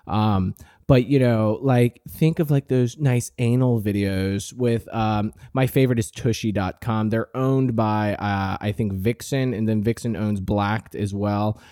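Here the late-teens male podcast host rants comically, brash, profane and mock-arrogant, but his voice is lowish, steady, unhurried and mellow. The recording is studio quality with no room sound.

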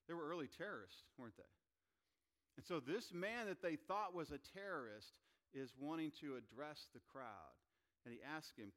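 A pastor preaching to his congregation. His voice swings from loud, emphatic lines down to quiet, soft asides. He reads scripture aloud in between. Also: mid-range voice, lively intonation, normal speed. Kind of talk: sermon.

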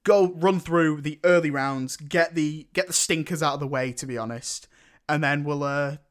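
A man's voice: on the high side, moderate pace. A man hosting a casual podcast, rambling and restarting his sentences as he sets up a film tournament. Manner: rambling, self-interrupting, swears casually.

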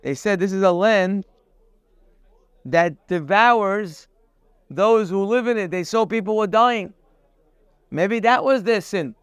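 Man teaching a Torah class, high voice, slow and deliberate, quotes and translates verses, acts out quoted speech. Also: smooth, no echo, clean studio sound. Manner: explains step by step, quoting and translating Hebrew verses; acts out quoted speech with sudden raised emphasis. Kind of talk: lecture-style Torah class.

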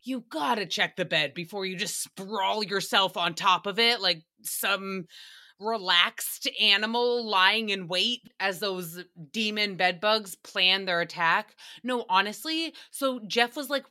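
A young woman hosting a podcast, telling a profane, animated comedic recap with frequent laughter. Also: mid-range voice, measured pace. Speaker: podcast host. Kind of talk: casual comedic recap monologue.

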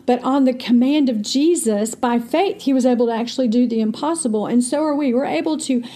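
A woman's voice: fairly high pitch, a little fast, mellow. A woman co-hosting a faith podcast, speaking in an earnest teaching tone and quoting scripture. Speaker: podcast co-host.

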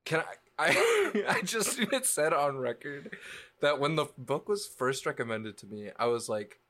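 A man's voice: fairly high pitch, sing-song, normal speed, a bit bright. A man co-hosting a podcast, trading wry, teasing banter in casual chat. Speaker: podcast co-host.

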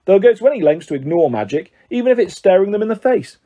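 A mild, middle-aged wizard father, worn out and given to flustered stammering, voiced by a male storyteller. His voice is husky and mellow. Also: high voice, very animated, fast, dull audio, voice pushed up. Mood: weary, flustered. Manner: tired, mumbling, then flustered.

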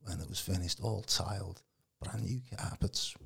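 A man telling his personal testimony in a casual, animated way. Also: low voice, normal speed, gravelly, husky. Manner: animated, acts out quoted voices, calls the host mate. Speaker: guest giving testimony. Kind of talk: casual storytelling.

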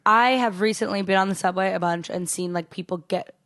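A woman in her twenties, a comedian hosting a casual chat, telling stories with deadpan jokes and lots of fillers. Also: medium pitch, fairly quick, slight background noise. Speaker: comedian podcast host.

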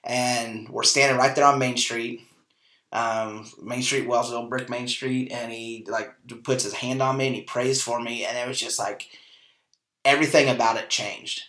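Bright-voiced man telling a story in an echoey room. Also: medium pitch, normal speed. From Kansas, US. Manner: animated storyteller, acts out quoted dialogue, frequent fillers. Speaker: podcast host. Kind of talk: casual personal storytelling.

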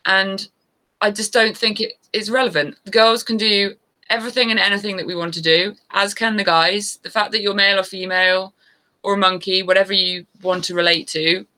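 A woman's voice: mid-range voice, little pitch movement, brisk, bright, forceful tone, poor audio. A woman in her thirties, a guest chatting casually in an interview, rambling a little and laughing easily. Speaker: guest, adventure motorbike rider.

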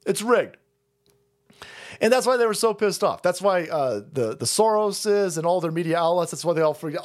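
Foul-mouthed man ranting, lively pitch. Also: normal speed. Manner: foul-mouthed, mocking, laughing, swings between loud and muttering. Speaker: streamer. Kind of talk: profane political rant.

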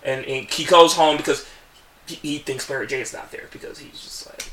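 A man's voice: fairly high pitch, steady tone, moderate pace, a bit bright, recorded from a distance, a little hiss or hum. Rambling man in an echoey room. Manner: rambling, many restarts and repeated words. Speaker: podcast co-host. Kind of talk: casual podcast chat.

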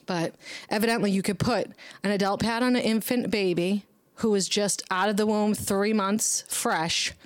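A woman's voice: medium pitch, steady tone, normal speed, no echo. A young woman hosting a casual monologue who rambles bluntly, swears heavily and scolds herself by name. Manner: talks back to herself by name. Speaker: podcast host.

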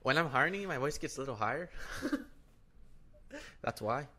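A man doing an over-the-top put-on Irish accent, pitched a bit high, cocky and playful, repeating words for effect. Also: lively intonation, normal speed, sharp tone.

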